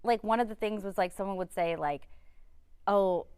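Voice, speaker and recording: A young woman co-hosting a TV studio talk show, chatting casually in an animated way and telling family stories. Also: mid-range voice, smooth. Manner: animated, quick to agree, storytelling. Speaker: TV show co-host. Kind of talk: casual chat.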